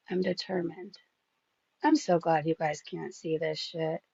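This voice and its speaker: A woman's voice: fairly low pitch, creaky, warm tone, slightly rough, dry recording, muffled recording. A woman hosting a gossip channel, reading out screenshots in casual, sarcastic commentary that swears freely and keeps getting distracted.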